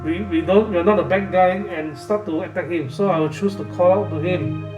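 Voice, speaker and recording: Halting, nervous gamebook reader, a man. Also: sits high. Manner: hesitant, halting, with many fillers and restarts. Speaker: gamebook reader and channel host. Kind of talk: casual live gamebook playthrough. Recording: roomy, distant mic with music behind.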